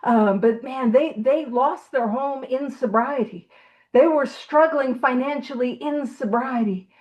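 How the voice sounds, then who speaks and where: Animated, fairly high-voiced woman storyteller. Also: measured pace, rough recording. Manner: animated storyteller, laughs often. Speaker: meeting leader. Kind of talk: casual talk at a recovery study meeting.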